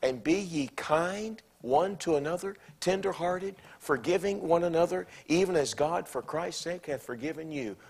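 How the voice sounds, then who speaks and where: A man with a Southern American accent preaching from the pulpit in a church. His voice sits a bit high for a man. He swings between ringing, emphatic declarations and soft, almost whispered asides. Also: husky. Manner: swings from loud preaching to hushed, near-whispered quotes. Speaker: pastor. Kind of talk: sermon. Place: church sanctuary.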